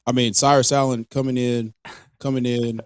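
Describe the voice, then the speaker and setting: A man co-hosting a live stream in casual chat, he rants with animated energy and swears freely. His voice sits at an ordinary middle pitch, and the sound is dry and close with no room echo. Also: moderate pace, clean tone. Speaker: podcast co-host. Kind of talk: casual fantasy football chat.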